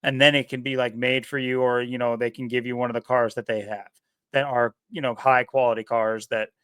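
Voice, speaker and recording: A man co-hosting a podcast in casual chat, talking in a rambling, animated way. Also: mid-range voice, fairly quick, clean tone, no echo, clean studio sound. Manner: rambling, animated, laughs often. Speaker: podcast co-host.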